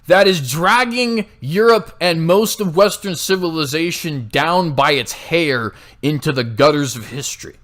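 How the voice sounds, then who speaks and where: A man's voice: on the high side, a bit bright. Sarcastic young man ranting. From United States. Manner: heated, sarcastic, frequent "right?" tags. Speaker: political commentary host. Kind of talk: opinionated monologue.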